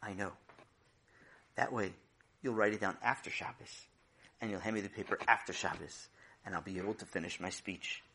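A man voicing a calm, patient community rabbi who speaks slowly and evenly. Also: lowish voice. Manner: measured, patient, slow.

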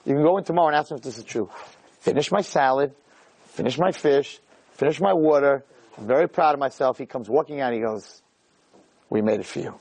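A middle-aged man giving a jokey, animated storytelling talk as a rabbi, peppering it with "right?". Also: medium pitch, brisk. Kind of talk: storytelling lecture.

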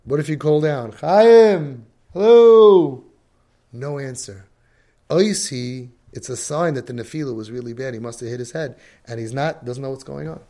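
A man's voice: medium pitch, fast, hardly any pauses, darkish tone. A man giving a religious lecture as a parenting coach, emphatic and acting out the voices he quotes.

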